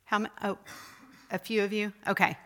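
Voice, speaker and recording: A woman's voice: mid-range voice, little pitch movement, moderate pace, pushed and bright. A woman giving a conversational church lecture on spiritual disciplines, asking her listeners questions as she teaches. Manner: conversational, asks the group questions.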